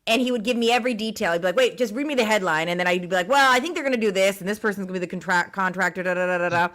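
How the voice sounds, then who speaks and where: A woman's voice: medium pitch, racing, a bit bright. A woman co-hosting a podcast, chatting in a rambling way about her grandparents. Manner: chatty, rambling with many fillers and restarts. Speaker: podcast co-host. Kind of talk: casual chat.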